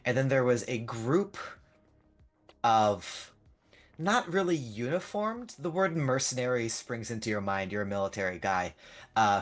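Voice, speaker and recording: A man's voice: mid-range voice, fairly bright tone. A man running a tabletop game as game master, narrating casually with frequent fillers and swearing. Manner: casual, rambling, swears freely.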